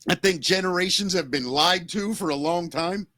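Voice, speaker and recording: Podcast co-host, man, earnest and shaken, tearful, bright tense tone. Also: sits high, no echo. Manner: earnest, emotional, swearing, halting restarts. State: close to tears. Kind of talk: emotional podcast talk.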